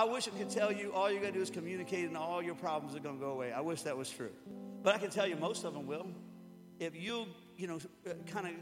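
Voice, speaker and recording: A man preaching a sermon to a room, talking casually, joking and acting out little quotes. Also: high voice. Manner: conversational, joking, with acted-out quotes. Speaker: pastor. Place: church hall before an audience. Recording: hall reverb with music behind.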